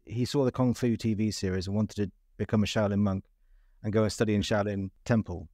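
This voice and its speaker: A man's voice: fairly low pitch, steady tone, a little fast, dark tone, no room sound, clean studio sound. A man hosting a podcast, asking loose, encouraging questions in a casual chat. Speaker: podcast host.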